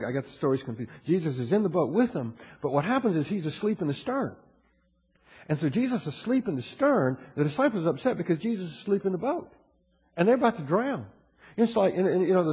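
Older guy preaching, husky and kinda high, lots of restarts, big echoey church hall. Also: dark tone. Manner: conversational preaching, full of restarts and asides. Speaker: pastor. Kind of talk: sermon. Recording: long hall reverb.

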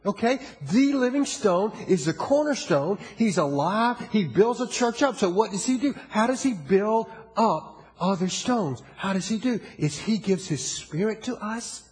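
A man preaching a sermon in a conversational way, asking the congregation questions and sometimes dropping to a quiet, intimate tone. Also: sits high, lively intonation, unhurried, hardly any pauses. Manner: drops to a quiet, intimate tone in places. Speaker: pastor. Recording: reverberant hall.

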